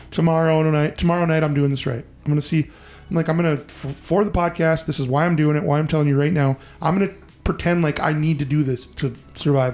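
Man, podcast host, fairly high voice, casual, swears a lot, acts out quotes. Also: darkish tone. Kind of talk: casual storytelling.

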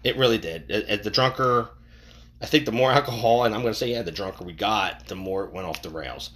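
A male podcast host delivers a casual monologue a little fast, rambling and cursing as he swings between loud bursts and mumbles. It's captured on a boom-hung microphone in an untreated room with slight echo.

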